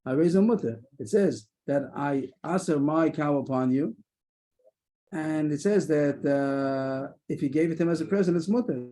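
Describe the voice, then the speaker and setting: This Talmud lesson leader, speaking over a video call, has a slightly high voice with a dark tone. He thinks aloud hesitantly, with many restarts and quick asides.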